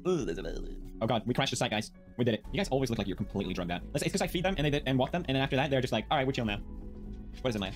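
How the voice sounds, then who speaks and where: A man's voice: mid-range voice, very fast, few pauses, faint music behind. A man hosting a video, giving jokey reaction commentary on online posts at home and laughing often. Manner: animated, jokey, laughs often, talks to his pets. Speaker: video host.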